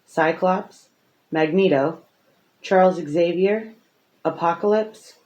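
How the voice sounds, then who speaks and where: Low-pitched woman narrating. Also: takes it slowly, a little mellow, lo-fi sound. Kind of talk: scripted narration.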